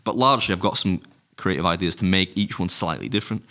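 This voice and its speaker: Fast-talking, bright-voiced deep man. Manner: rambling anecdotes, frequent swearing and laughter. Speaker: podcast co-host. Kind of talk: casual chat, storytelling.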